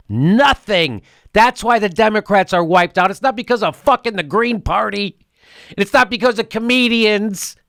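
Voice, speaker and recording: A man's voice: high voice, fairly bright tone, no room sound, clean studio sound. A man hosting a political commentary show, ranting sarcastically and laughing as he mocks what he plays. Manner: sarcastic, mocking, laughs often.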